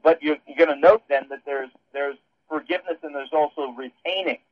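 A man's voice: a little high, fairly quick, dry recording. A man on a radio show explaining theology in a rambling way, with frequent restarts. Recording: dull phone-line sound.

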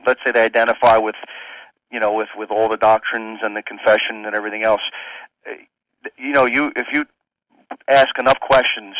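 A man's voice: medium pitch, bright, forceful tone, dry recording. Male pastor guest, rambling with restarts, sounds distant and dull on a remote line. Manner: rambling, many you-knows and restarts. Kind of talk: casual theological discussion.

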